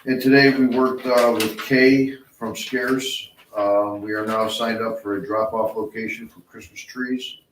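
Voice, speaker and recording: A man's voice: mid-range voice, little pitch movement, a little slow, hardly any pauses, slight background noise. Man giving a department report in an echoey room. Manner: plain report delivery with frequent "uh"s. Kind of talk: public board meeting report. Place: indoor township meeting room. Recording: echoey meeting room, mic far off.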